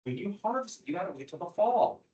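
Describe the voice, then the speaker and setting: A man teaching a history lecture to a class, animated and quizzing students as he goes. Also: sits high, fairly quick, dull audio. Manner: animated, asks the class questions. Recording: echoey classroom from far off.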